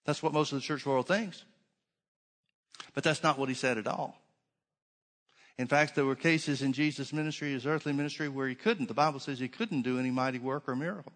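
A man's voice: mid-range voice, fairly quick, a bit bright, in a large hall. A man preaching a sermon, driving his points home with repeated phrases and rhetorical questions.

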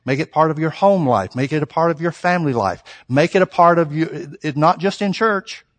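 Emphatic preacher man in a reverberant hall. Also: a little high. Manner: emphatic, rhetorical questions to the congregation; reads scripture slowly and deliberately. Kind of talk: sermon with scripture reading.

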